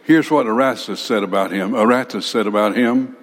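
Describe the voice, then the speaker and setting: A man preaching a sermon dramatically, acting out listeners and swinging between loud emphasis and hushed asides. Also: fairly low pitch, a little fast, few pauses. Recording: long hall reverb.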